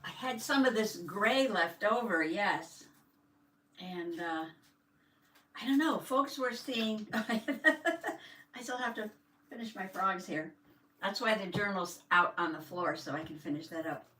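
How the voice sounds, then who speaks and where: An older woman chats casually on a live stream, greeting viewers with a folksy "howdy" and laughing often. Her voice is bright and forward. She sits back from the mic in an echoey room. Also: medium pitch, a little slow, recorded from a distance. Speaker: host of a live journaling stream.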